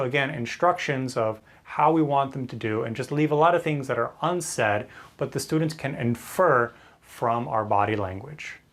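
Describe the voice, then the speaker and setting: A man, a teacher trainer, explaining classroom techniques in a clear, friendly instructional video. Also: medium pitch.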